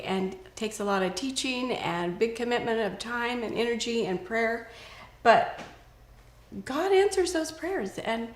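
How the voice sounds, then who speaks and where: Older woman giving earnest parenting advice. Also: a little high. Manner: earnest, storytelling, acts out quoted lines. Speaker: parenting speaker. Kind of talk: casual conversational advice. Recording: roomy echo.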